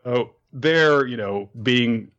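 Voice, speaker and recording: A man's voice: medium pitch, takes it slowly, fairly bright tone, clear, resonant tone. A man hosting a casual chat in which he recaps a story, talking chattily and animatedly and laughing often, on a dull lo-fi recording. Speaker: podcast host.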